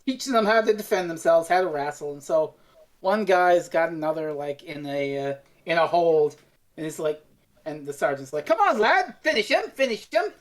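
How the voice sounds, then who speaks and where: A woman's voice: deep voice, normal speed. A woman co-hosting a podcast, casually retelling a television episode and acting out the scenes as she goes. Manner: loose and profane, acts out the scenes she retells. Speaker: podcast co-host.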